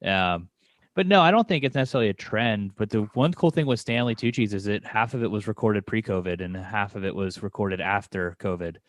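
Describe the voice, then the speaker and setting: A lower-pitched man chats loosely about a show he watched, circling back and restarting his points. The sound is close and dry, with no room around it. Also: fairly quick, no echo. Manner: rambling, laughs often. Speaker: podcast co-host. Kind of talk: casual review chat.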